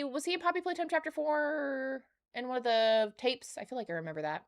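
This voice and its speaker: A woman's voice: high-pitched, a little fast. A woman streaming a game, chatting casually between reading in-game notes, with giggly asides. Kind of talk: casual gaming stream commentary.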